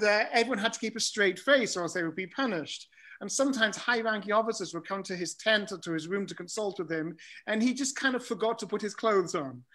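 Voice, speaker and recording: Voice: mid-range voice, a bit bright. A speaker giving a casual, anecdotal webinar talk with frequent fillers.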